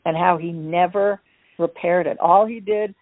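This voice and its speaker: A woman guest in an interview, telling her personal story in an animated, wry way and acting out the voices of people in it. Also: fairly low pitch, a little slow, dry recording. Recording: dry, tinny phone-line sound.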